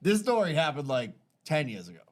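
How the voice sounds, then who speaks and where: A man's voice: fairly high pitch, very animated, fairly quick. A man hosting a podcast, prompting his guest for stories in casual chat. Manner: prompting, steers the conversation. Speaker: podcast host.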